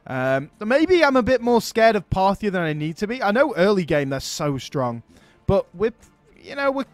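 A man hosting a strategy game let's play, chatting casually and thinking aloud, getting excited over his battles. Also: sits high, moderate pace, no echo, soft background music. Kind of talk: casual gameplay commentary.

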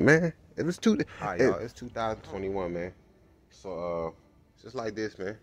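A man with kids vlogging casually as he walks a car showroom floor, excited and slangy, tagging "man" onto nearly every line. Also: on the low side, normal speed, no echo. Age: adult with kids. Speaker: vlogger touring a car dealership. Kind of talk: casual walkaround vlog.

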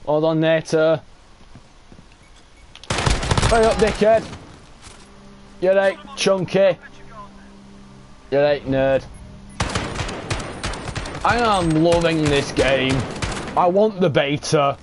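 A young man giving excitable, sweary live commentary while playing a shooter game. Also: on the high side, slow, long pauses, noisy background. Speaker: gaming streamer.

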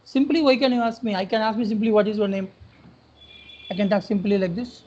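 Husky-voiced exasperated Indian trainer man. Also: high voice, fast, a little mellow, dull audio. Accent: Indian English. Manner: exasperated, scolding, repeats questions. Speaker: technical trainer. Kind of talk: classroom lecture.

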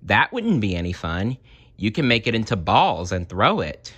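Guy doing a squeaky little toy bear, all excited, bouncy storybook voice. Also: normal speed, husky, exaggerated voice. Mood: cheerful. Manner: high, eager, squeaky.

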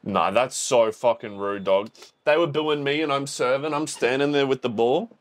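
A young man and college volleyball player giving casual reaction commentary, swearing a lot, with slangy talk and sudden yelps and shouts. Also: mid-range voice, normal speed. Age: young adult. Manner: slangy, calls the viewer bro and dog.

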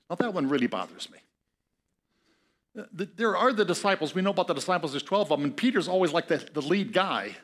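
A man's voice: a little high, lively intonation, quick pace, a bit bright. Conversational male pastor preaching. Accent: Upper Midwest American. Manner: conversational, reads scripture aloud with asides and chuckles. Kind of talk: sermon.

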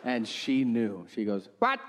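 A man's voice: mid-range voice, lively intonation, moderate pace, heavy background noise. A man performing stand-up comedy, telling stories in a dry, conversational way. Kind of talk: stand-up set. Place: comedy stage. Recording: hall reverb with audible ambience.

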